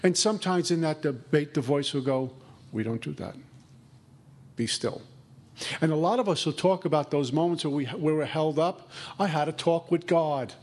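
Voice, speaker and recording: A man's voice: a little high, a little fast, darkish tone. A man giving a conversational recovery talk, acting out inner dialogue. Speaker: recovery speaker.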